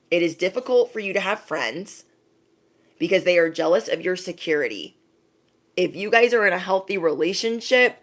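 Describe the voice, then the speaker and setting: A woman giving a casual spiritual pep talk, speaking emphatically, repeating her points, and often asking "okay?". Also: on the low side. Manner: emphatic, repeats phrases, direct address with frequent "okay?". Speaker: spiritual reader.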